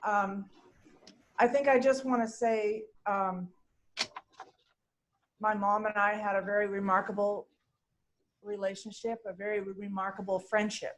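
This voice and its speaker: A woman speaks of her mother at an online funeral, emotional and close to tears. Her voice is soft and hesitant, with trailing pauses. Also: mid-range voice, fairly even intonation, poor audio. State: emotional, holding back tears. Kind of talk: unprepared personal eulogy over video call. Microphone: video call.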